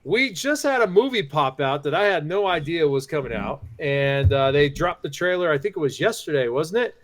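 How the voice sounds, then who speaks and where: A middle-aged man co-hosting a casual podcast, telling relaxed anecdotes in a chatty way. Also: a little high, moderate pace. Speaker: podcast co-host. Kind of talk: casual chat.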